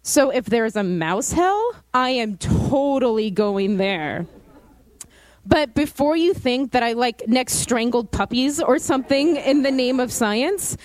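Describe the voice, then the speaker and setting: Young woman in her twenties, fairly high voice, dry close sound, chatty storytelling talk, filler-heavy. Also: no echo, rough recording. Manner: animated, chatty, lots of fillers. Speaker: student speaker.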